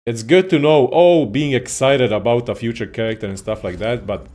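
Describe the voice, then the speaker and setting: Male streamer doing loose gaming commentary; sweary, sarcastic, ranting, average pitch. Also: normal speed, darkish tone.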